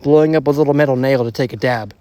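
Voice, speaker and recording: A man's voice: medium pitch, quick pace, dark tone, smooth, no room sound. A young man rambling through a casual storytime monologue, slangy and profane, full of restarts. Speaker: storytelling vlogger.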